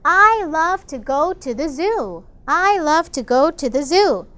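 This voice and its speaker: Lively, high-pitched woman teacher. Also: takes it slowly. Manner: enthusiastic, gasps often, explains in Korean. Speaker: English teacher reading a picture book. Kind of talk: bilingual storybook lesson for children.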